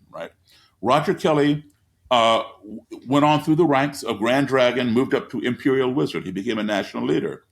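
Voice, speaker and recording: A man telling stories as a guest in an interview, speaking with an emphatic, repetitive cadence from his living room over a video call. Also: medium pitch. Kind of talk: storytelling in an interview.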